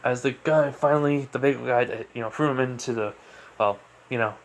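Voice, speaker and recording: A man's voice: mid-range voice, fairly quick. Man, casual fan-story narration, rambling, lots of fillers, faint background noise.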